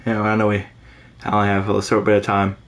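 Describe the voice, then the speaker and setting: The other podcast co-host is a young man with a lowish, monotone voice who talks fast in an echoey room. In this casual chat he rants with animation and curses freely.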